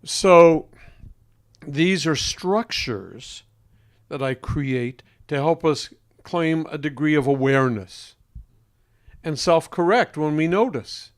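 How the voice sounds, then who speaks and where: A man with a somewhat higher voice explains ideas to an interviewer as a voice coach. He speaks with deliberate emphasis and leaves pointed pauses. His tone carries a trained singer's control.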